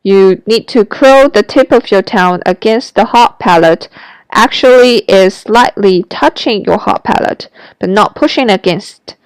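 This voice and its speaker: A woman's voice: medium pitch, a little slow, smooth, no echo, low-quality recording. A woman teaching Mandarin pronunciation in a scripted lesson, carefully demonstrating each sound.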